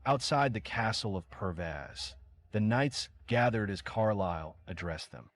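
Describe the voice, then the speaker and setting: A man narrating a story recap in a brisk, scripted reading, voicing every character himself. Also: lowish voice, lively intonation, dry recording.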